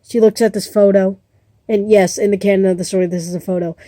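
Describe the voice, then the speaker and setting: Rambling woman pitching a story. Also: steady tone, fast talker, dark tone, no room sound, studio quality. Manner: rambling, playful and self-amused.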